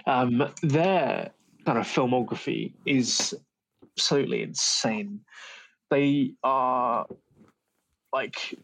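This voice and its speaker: Giggly young podcaster, breathy. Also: mid-range voice, slow, long pauses, dry recording, poor audio. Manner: giggly, excitable, swears. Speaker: podcast co-host. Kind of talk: casual chat.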